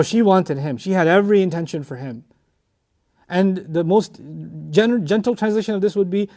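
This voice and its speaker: A man with a notably high-pitched voice teaches a lecture on Quran commentary. He works through the Arabic word by word, reciting verses and repeating key phrases to drive them home. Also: mellow.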